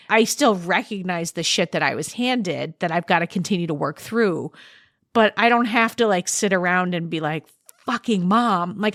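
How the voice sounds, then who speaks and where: A woman with a lowish voice talks frankly as a podcast guest. She swears freely and stays reflective. The sound is dry and close, with no room echo. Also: fairly bright tone. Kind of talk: candid conversational chat.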